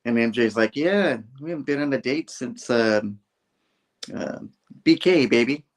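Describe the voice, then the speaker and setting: In casual chat, a man retells a comic book scene by scene, doing the characters' lines in loose voices. His voice is medium in pitch, with lively intonation and a measured pace.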